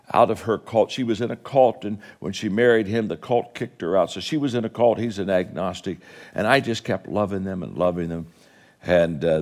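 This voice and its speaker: Impassioned male preacher, lowish voice. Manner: impassioned, climbing high and loud when exhorting; storytelling with quoted dialogue, soft and low in prayer. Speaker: guest preacher. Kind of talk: sermon with closing prayer.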